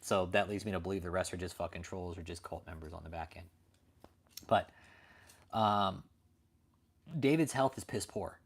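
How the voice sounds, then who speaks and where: A man's voice: deep voice, normal speed, pauses often, slightly rough. A man hosting a late-night livestream, ranting profanely and answering viewers in chat. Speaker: livestream host.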